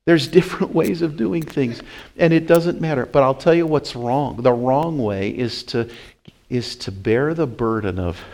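A male pastor with a mid-range, gravelly voice preaches a sermon in church. He is chatty and conversational, repeats phrases and asks the congregation questions, swinging between loud emphatic peaks and quiet, intense asides.

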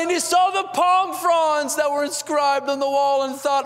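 A man's voice: very high-pitched, level tone, unhurried, few pauses, fairly bright tone, long reverb tail. A man preaching a fervent sermon as a pastor, building with repeated rhetorical questions.

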